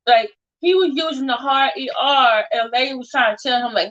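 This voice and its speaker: High-voiced woman chatting on lo-fi audio. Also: animated, normal speed, few pauses, a bit bright. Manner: chatty, slangy, talks straight to listeners. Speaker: chat room host. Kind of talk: casual live-audio commentary. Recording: dull lo-fi online audio.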